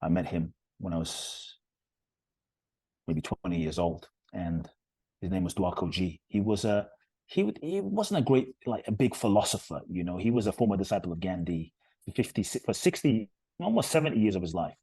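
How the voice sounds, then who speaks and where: A man with a very low, husky voice tells a story earnestly and with emphasis. He speaks as a guest on an interview podcast, and the sound is dry and close. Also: lively intonation, normal speed, dark tone, no room sound. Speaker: podcast guest, author and retreat leader.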